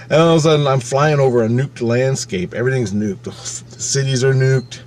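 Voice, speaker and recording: A man's voice: medium pitch, moderate pace, a little hiss or hum. Man swearing through a frantic personal story. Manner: swears freely, acts out his own past thoughts with sudden loud and quiet swings. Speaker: channel host recounting a personal experience. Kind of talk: casual spoken storytelling.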